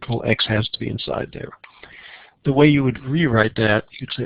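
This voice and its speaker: A man teaches a recorded math lesson on logic problems, walking through each one in a relaxed way and thinking aloud. His mid-range voice is creaky at a normal speed, and the recording's highs are cut off.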